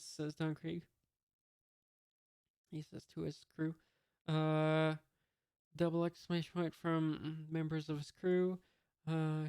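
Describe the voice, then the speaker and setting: Slow unhurried reader, monotone delivery, halting with fillers, reads punctuation and sound effects aloud, dry asides. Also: mid-range voice, vocal fry, smooth, no room sound. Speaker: comic reader. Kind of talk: casual read-aloud of a comic.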